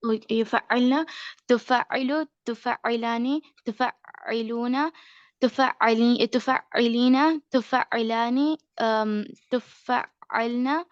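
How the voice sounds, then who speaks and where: A young-sounding woman with a slightly high voice recites verb conjugations over a call. She hesitates and corrects herself along the way. The audio is dry and muffled. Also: normal speed, clear, resonant tone, no echo. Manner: hesitant, with fillers and self-corrections. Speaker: student. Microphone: computer mic on a video call.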